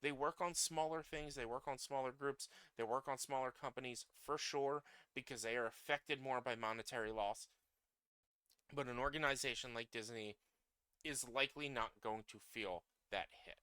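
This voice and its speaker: A fired-up man with a bright, crisp voice that sits a little high for a man. He goes on an angry, profane rant, dropping quiet and then climbing to loud outbursts. The sound is dry and close to the mic. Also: steady tone, moderate pace, dry recording. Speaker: streamer. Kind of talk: political rant.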